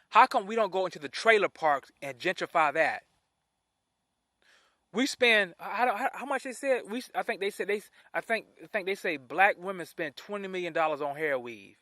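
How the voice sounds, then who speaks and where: A man's voice: sits high, animated, normal speed, pushed and bright, no room sound, studio quality. A man ranting his opinions in a vlog, indignant and repeating himself as he restarts phrases. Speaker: vlogger. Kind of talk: opinion rant to camera.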